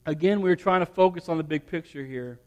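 High-voiced man preaching in an echoing hall. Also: brisk, darkish tone, highs cut off. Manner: rambling storytelling with many restarts, building to emphatic preaching. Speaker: pastor. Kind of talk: sermon with personal story.

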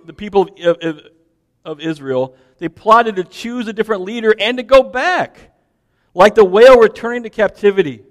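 A man with a high voice preaches in a church, his words trailing off into a long hall reverb. He talks casually and animatedly, addressing the congregation with frequent restarts and asides. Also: fairly bright tone. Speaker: pastor. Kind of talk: sermon.

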